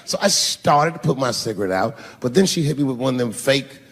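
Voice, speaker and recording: A man performing a profane stand-up routine on a big stage, shouting his punchlines. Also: mid-range voice, expressive, a little fast, noisy background. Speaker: stand-up comedian. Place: large live venue with audience. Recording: echoey hall, crowd laughter.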